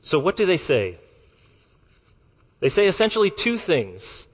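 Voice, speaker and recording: Guy preaching a sermon, slightly high voice, slow and deliberate, big echoey church hall. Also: very animated, husky. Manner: measured, deliberate preaching with slowed emphasis. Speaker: pastor.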